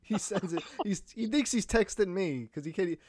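A man co-hosting a podcast, telling an animated, profane story with laughs in casual chat. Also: high-pitched, moderate pace, dry recording, studio quality. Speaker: podcast co-host.

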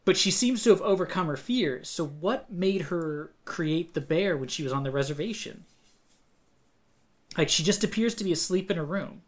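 A man co-hosting a casual podcast chat, animated and acting out quoted lines. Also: a little high, normal speed. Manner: animated, acts out quoted voices. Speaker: podcast co-host.

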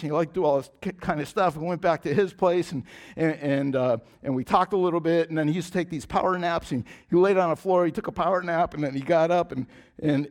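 A man preaching a sermon in an earnest style, repeating phrases and restarting often, dropping to a soft, low voice for emphasis. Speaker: pastor.

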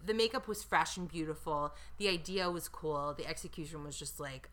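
A woman chatting casually as a podcast co-host, animated and quick to quote people in little voices. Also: sits low. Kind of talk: casual chat.

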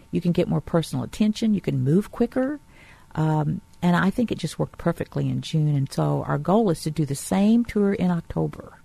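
A woman's voice: deep voice, vocal fry, dark tone, breathy edge, dry recording. A woman guest on a radio show who talks enthusiastically and chattily about a tour she managed. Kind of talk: radio interview.

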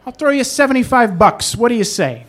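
A man voicing a smooth-talking, wheedling male body shop owner who calls on the phone to cut a shady deal, with chummy fillers. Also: extremely high pitch, sing-song, a little fast, fairly bright tone, voice pushed up, exaggerated voice. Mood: dealmaking. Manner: chummy, persuasive, hesitant fillers.

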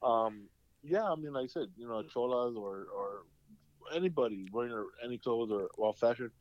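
A man's voice: mid-range voice, lively intonation, moderate pace, no echo, dull audio. A man co-hosting a casual podcast chat, rambling through stories full of swearing and acted-out quotes. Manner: rambling storyteller, heavy swearing, acts out quotes. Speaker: podcast co-host.

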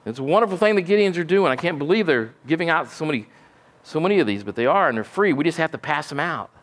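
A man's voice: fairly high pitch, lively intonation, quick pace, fairly bright tone. A male pastor, preaching a folksy, emphatic sermon and asking "amen?" often.

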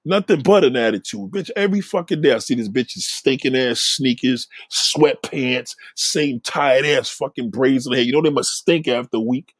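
A man's voice: medium pitch, animated, normal speed, hardly any pauses, slightly rough, dry recording. A man talking in a blunt, profane casual rant, often repeating himself.

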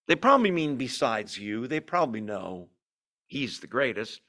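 A man teaching a Bible study in a lively, joking, conversational way. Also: medium pitch, measured pace.

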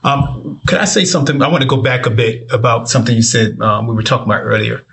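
A man's voice: mid-range voice, fairly even intonation, quick pace, creaky, a bit bright. A man who is a father speaks up in a group chat. He talks thoughtfully, with some hesitation.

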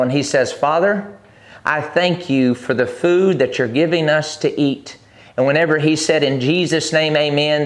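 Emphatic preacher man, higher-pitched. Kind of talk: sermon on a broadcast show.

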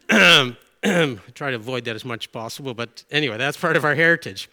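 A man's voice: medium pitch, animated, normal speed, sharp tone. A middle-aged man from Canada preaching a sermon in an earnest, conversational way, with asides and self-corrections.

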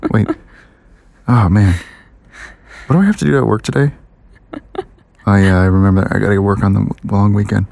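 A man with a lowish voice chats on a podcast, acting out little scenes and imitating other people's voices as he goes. He laughs often and hops between asides. The sound is dry and close, with no room echo. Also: normal speed, gravelly, pauses often. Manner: animated storyteller, mimics voices and laughs often. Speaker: podcast co-host. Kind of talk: casual chat.

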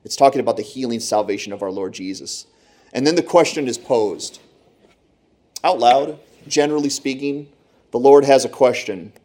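A man's voice: mid-range voice, moderate pace, mellow. Man preaching a dramatic sermon. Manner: dramatic storytelling, acts out Bible characters.

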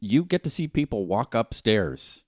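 Low-voiced male co-host, animated storyteller with a very expressive pitch, dry studio sound. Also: a little slow, dry recording. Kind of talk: casual studio chat.

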